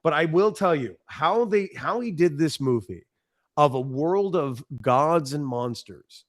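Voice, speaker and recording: A man's voice: a little high, lively intonation, unhurried, no echo, studio quality. A man in his thirties from Los Angeles, co-hosting a casual podcast, emphatic and enthusiastic, swearing freely. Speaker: podcast co-host. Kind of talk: casual sports podcast chat.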